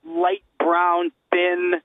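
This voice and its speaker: High hesitant man, tinny line. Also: big pitch swings, very slow, gravelly, noisy background. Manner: hesitant, searching for words. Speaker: podcast co-host. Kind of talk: casual chat. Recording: dry, phone-like sound.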